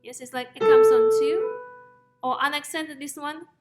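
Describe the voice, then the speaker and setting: A woman's voice: high voice, steady tone, normal speed. A woman teaching a music theory lesson, explaining step by step and checking in with "okay?" and "yes?". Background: piano notes played between phrases.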